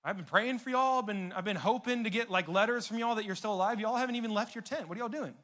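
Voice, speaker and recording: A man's voice: high-pitched, fast talker, a bit bright. A man voicing a young shepherd who questions his brothers in disbelief. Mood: incredulous. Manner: incredulous questioning. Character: young male shepherd, puzzled and pushy.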